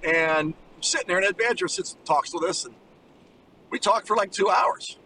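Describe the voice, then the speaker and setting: A man's voice: sits high, normal speed, recorded from a distance, slight background noise, poor audio. Older man on the phone from a car. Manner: animated anecdote teller, acts out voices. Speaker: former college basketball player, guest. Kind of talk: casual storytelling by phone. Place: riding in a moving car.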